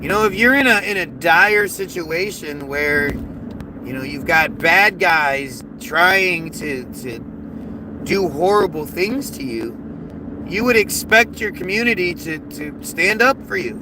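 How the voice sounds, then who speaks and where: On a casual livestream with a noisy background, a man rants in a fairly high, animated voice at a slow pace. He is heated and profane, reading chat as he goes and often starting his sentences over.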